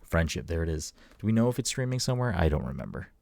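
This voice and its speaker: A man's voice: low-pitched, very animated, fast, gravelly, a little mellow, no echo. A man co-hosting a casual chat podcast, rambling and laid-back, swearing casually. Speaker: podcast co-host.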